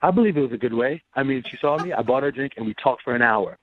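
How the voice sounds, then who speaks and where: A man's voice: mid-range voice, expressive, rapid-fire. A male radio caller speaking earnestly and defensively over the phone. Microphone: telephone. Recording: tinny phone line.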